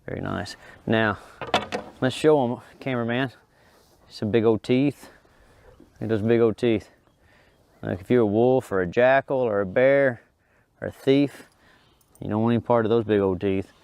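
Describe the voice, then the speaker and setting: A middle-aged man, a dog trainer, explains to viewers and coaxes a big dog over an agility course with high, excited praise. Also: moderate pace, vocal fry, long pauses, smooth. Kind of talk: instructional talk while coaching a dog.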